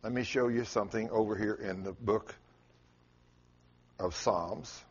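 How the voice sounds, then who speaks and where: Husky and a little slow, the pastor keeps fairly even intonation overall while his storytelling still swings dramatically in pitch and loudness, with sudden rises and drops. The sermon is captured in muffled lo-fi audio.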